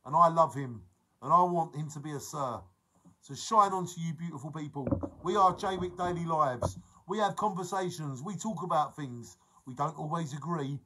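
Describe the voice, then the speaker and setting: Tell it bright, man, upbeat chatter. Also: a little high, a little hiss or hum, rough recording. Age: 40s. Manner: chatty, jokey, reads out viewer names. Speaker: live-stream vlogger. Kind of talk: casual live-stream chat.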